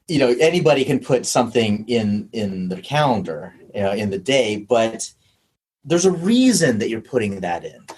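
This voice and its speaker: A man's voice: medium pitch, slight background noise. A man hosting a podcast interview, asking probing questions and thinking aloud with restarts. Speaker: podcast host. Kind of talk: conversational interview.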